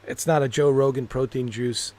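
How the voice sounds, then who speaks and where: A man's voice: medium pitch, steady tone, normal speed, darkish tone. A man streaming games, telling rambling stories in casual chat, laughing at his own jokes and cursing freely. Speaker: gaming streamer.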